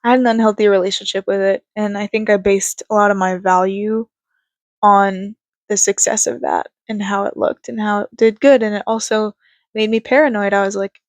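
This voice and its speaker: A woman's voice: mid-range voice, fairly even intonation, moderate pace, no room sound. Young woman, casual rambling vlog talk, congested, dry close sound, fillers and little laughs. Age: young adult. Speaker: vlogger. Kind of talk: casual reflective talk to camera.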